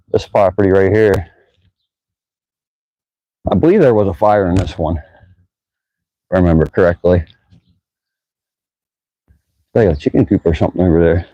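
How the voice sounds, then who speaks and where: A man with a voice that sits low speaks at normal speed and pauses often, in a dry, muffled recording. He's out riding his bike through town, vlogging to a camera mounted on it and musing aloud in a relaxed, chatty way.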